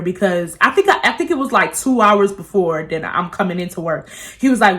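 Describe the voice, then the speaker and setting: A young woman tells a storytime to her camera. She talks in a loose, profane, animated way, slipping into other people's voices as she quotes them. She sits close to the camera mic. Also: mid-range voice, brisk. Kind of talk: casual storytime vlog.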